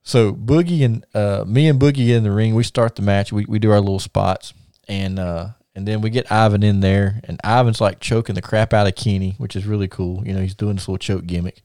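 Speaking fairly quickly with a warm, fairly low voice and fairly even intonation, a man who hosts a podcast and promotes wrestling rambles through casual stories. He repeats words and laughs at his own tales. The sound is studio quality with no room sound.

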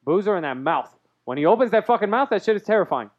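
A man's voice: sits high, big pitch swings, quick pace, muffled recording. A man co-hosting a podcast in casual chat, brash and swearing a lot. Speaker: podcast co-host.

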